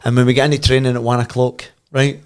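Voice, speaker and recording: A man's voice: mid-range voice, fast talker. A Glaswegian man in his fifties, guesting on a podcast, tells a long boisterous anecdote. He laughs through his own punchlines and swears freely, with a chatty storyteller's flow. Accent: Scottish, Glasgow. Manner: animated, laughs and swears freely while telling. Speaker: podcast guest, former footballer.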